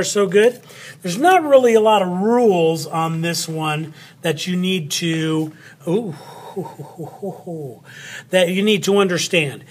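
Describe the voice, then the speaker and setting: A man teaching children a spelling lesson, playful and patient, talking straight to them. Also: high-pitched. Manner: playful, slow and patient, speaks to an unseen child.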